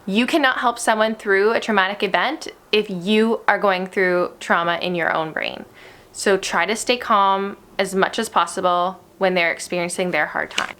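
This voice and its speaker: A young adult woman, an early childhood educator, gently giving parents advice on helping young children through stress. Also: mid-range voice. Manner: gentle, instructive, uses "therefore" often.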